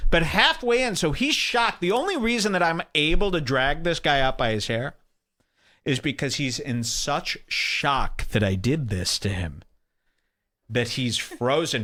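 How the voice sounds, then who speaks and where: A man hosting a talk show, telling a wild story in an excitable, profane way and acting out the quotes. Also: measured pace. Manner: excitable, profane, acts out quotes with big pitch jumps. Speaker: podcast host. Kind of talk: animated storytelling.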